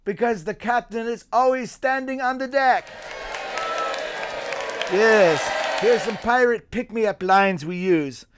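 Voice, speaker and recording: A man's voice: high voice, takes it slowly, crowd noise, background noise. A man playing a jolly, bawdy pirate captain who cracks puns and chuckles at his own jokes with piratey growls. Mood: jokey. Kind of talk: stand-up pirate character act.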